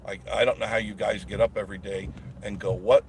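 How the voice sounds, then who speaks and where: A man's voice: lowish voice, little pitch movement, fast talker, vocal fry. Folksy man chatting live from his car. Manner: rambling, folksy, chatting with viewers. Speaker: channel host. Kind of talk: live-streamed driving chat. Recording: live stream with noisy car background. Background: car and road noise.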